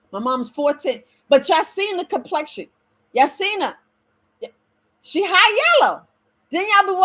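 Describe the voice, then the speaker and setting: Streaming live from home, a middle-aged woman herbalist chats casually with her viewers, whom she calls family. She is animated and a bit preachy, and her voice sits high.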